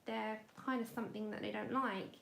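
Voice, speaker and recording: A woman chatting casually to her livestream viewers while she colours, her voice sitting a little high. She breaks off to coax her dog in soft, sing-song tones, recorded at home on a phone. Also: fairly even intonation, brisk, creaky. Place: home indoors.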